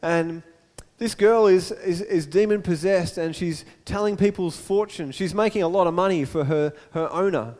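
A man preaching a sermon, retelling a story in a lively, storytelling way that often repeats and restarts words. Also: sits high, moderate pace, hardly any pauses. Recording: echoey hall.

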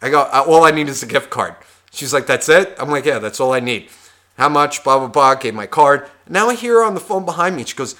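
A man co-hosting a podcast, telling a profane story in a casual, animated way and acting out the people in it. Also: medium pitch, a little fast. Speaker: podcast co-host.

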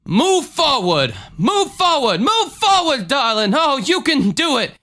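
A man putting on the voice of a theatrical faith-healing preacher, with a booming, sing-song preaching cadence. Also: very animated, unhurried, bright, forceful tone, exaggerated voice. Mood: coaxing. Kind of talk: casual chat.

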